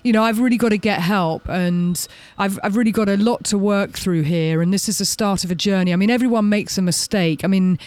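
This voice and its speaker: A man's voice: high voice, a little fast, clean tone, no echo, close to an everyday voice. A disgraced, powerful film mogul, put on by a man retelling the story pleads that he deserves a second chance. The voice sits raised and pushy. It is recorded dry and close, with no room sound. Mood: self-pitying. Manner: wheedling, then veiled threat.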